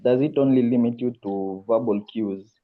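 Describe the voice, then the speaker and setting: A man's voice: medium pitch, normal speed. A male student hesitantly asking his teacher a question during an online class over a video call. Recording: tinny phone-like line.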